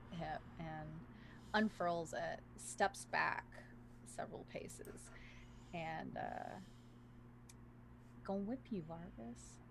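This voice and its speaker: A woman narrating as dungeon master of a tabletop game, casual, with slow narration between quick asides. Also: fairly low pitch, gravelly, slight background noise.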